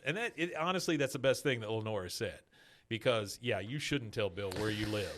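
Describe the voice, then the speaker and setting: A man's voice: fairly low pitch, animated, a little fast, a bit bright. A male podcast host casually recapping a cartoon episode, quoting characters as he goes. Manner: chatty, quotes characters in passing.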